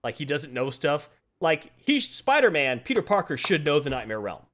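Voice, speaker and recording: A man's voice: fairly high pitch, wildly swooping pitch, normal speed, fairly bright tone, slight background noise. A man hosting a casual chat, retelling a comic plot and acting out the quotes as he goes. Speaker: podcast host.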